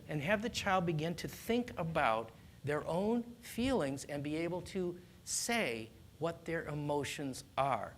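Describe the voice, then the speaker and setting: A man speaking as a doctor, calmly explaining how parents should handle their child's tantrums, earnest and instructive. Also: fairly high pitch, unhurried, a little hiss or hum. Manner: calm, earnest, instructive, with small restarts. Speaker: doctor giving parenting advice. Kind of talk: explanatory talk on child discipline.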